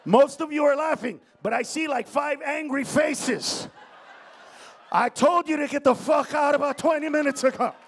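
A middle-aged man doing a profane stand-up comedy set on stage before an audience, ranting and often breaking into shouts. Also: very high-pitched, moderate pace, slight background noise.

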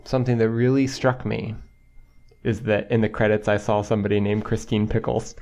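Rambling young man with a faint hiss. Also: fairly low pitch. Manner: rambling, filler-heavy, laughs often. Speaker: podcast co-host. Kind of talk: casual chat.

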